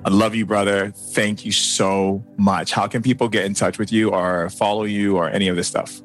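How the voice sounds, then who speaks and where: A man's voice: fairly low pitch, little pitch movement, moderate pace, faint music behind. A man hosting a podcast interview, effusive and exclamatory, laughing often. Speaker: podcast host. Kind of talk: enthusiastic interview chat.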